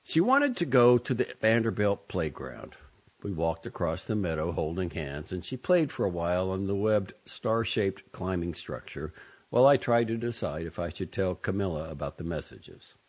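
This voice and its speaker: A man narrating an audiobook in a measured, introspective, softly expressive manner. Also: sits low, slightly rough, dull audio.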